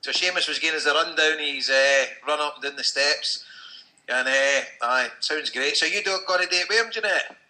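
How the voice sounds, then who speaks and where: A man hosting a podcast in a relaxed, informal way. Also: a little high, moderate pace, rough recording. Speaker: host.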